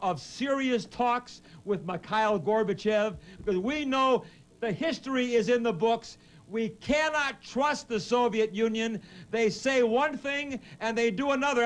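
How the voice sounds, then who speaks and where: A man hosting a heated studio debate, blustering and shouting down his guests. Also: extremely high pitch. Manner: blustering, shouts people down, keeps saying hold on. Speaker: talk show host.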